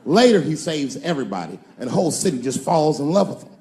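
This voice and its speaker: A man doing a stand-up comedy set, telling loose stories and breaking into sudden shouts before a laughing crowd. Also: a little high, fast talker, long reverb tail. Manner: loose, animated storytelling with sudden shouts and put-on voices. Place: stage before a laughing audience.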